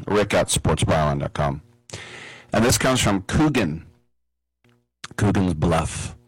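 A man's voice: sits low, expressive, slow, slightly rough, no room sound, rough recording. A man hosting a casual radio talk show, rambling and joking with lots of fillers, on a studio microphone. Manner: rambling, jokey, with many fillers.

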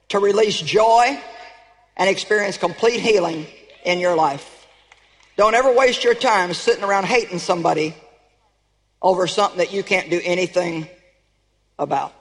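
An older woman preaching a sermon to a congregation, emphatic and animated as she rallies her listeners. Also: mid-range voice. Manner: emphatic, animated, rallying the audience. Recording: reverberant hall.

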